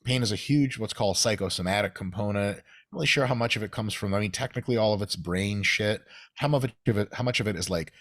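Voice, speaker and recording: A man in his thirties, from Russia, talking as a guest on a casual podcast. His voice sits a little low and sounds close and dry. He swears freely, jokes around and explains at length. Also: quick pace, hardly any pauses, fairly bright tone, dry recording. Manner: profane, joking, explains at length.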